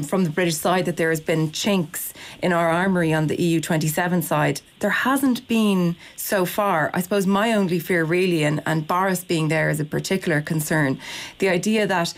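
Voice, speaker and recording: A woman speaking in a measured, thoughtful way as a guest on a radio panel discussion. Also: on the low side.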